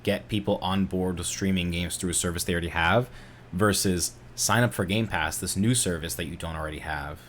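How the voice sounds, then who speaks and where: A man's voice: sits low, brisk, slight background noise. A man co-hosting a casual gaming podcast, laid-back and hedging his opinions. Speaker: podcast co-host.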